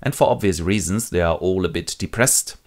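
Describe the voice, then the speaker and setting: A man's voice: low voice, a little fast. A man narrating a comic retelling of a classic play with irreverent, wry asides. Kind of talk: comic literature summary.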